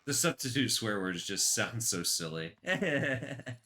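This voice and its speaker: A man's voice: mid-range voice, sing-song, slow, sharp tone. A man casually commenting while streaming a western video game; he is chatty and rambling and laughs often.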